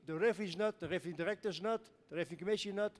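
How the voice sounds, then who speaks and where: A man co-presenting at a seminar, explaining points in a measured way with non-native phrasing. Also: high-pitched. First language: not English. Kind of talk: explaining to an audience. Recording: echoey hall with faint noise.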